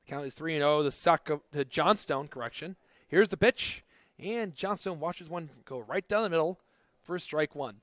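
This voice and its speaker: A man's voice: moderate pace, a bit bright, dry recording. Upbeat baseball play-by-play man. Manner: jokey, conversational between pitches. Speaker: play-by-play announcer.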